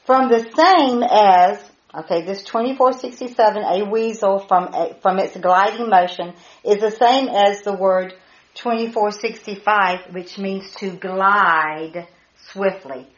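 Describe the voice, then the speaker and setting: A woman leading a Bible study, excited and animated, spelling out words and laughing as she teaches. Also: medium pitch, measured pace. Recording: echoey muffled room audio.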